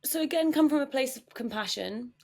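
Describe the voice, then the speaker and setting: A woman psychologist, a podcast guest, explaining ideas in animated conversation and acting out examples. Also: sits high, brisk, gravelly. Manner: animated, acts out quoted speech.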